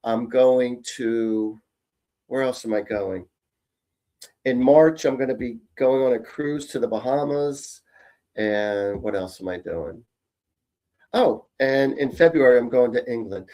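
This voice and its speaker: A man's voice: mid-range voice, unhurried, darkish tone. A man from Canada, a psychic medium, chatting upbeat with viewers on a live stream and often repeating himself. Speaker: psychic medium, show host.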